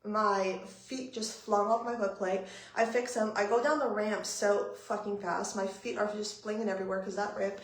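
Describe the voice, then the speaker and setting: A young woman vlogger telling a story to her live-stream viewers in an animated, profane, breathless way. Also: mid-range voice, normal speed. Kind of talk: casual storytelling. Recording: roomy echo.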